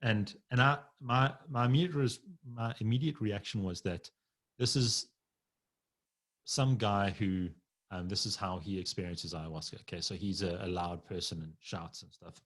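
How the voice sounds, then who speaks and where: A man's voice: lowish voice, moderate pace, fairly bright tone. A man as a podcast guest, telling a long personal story in a rambling, casual way with frequent laughs and swearing.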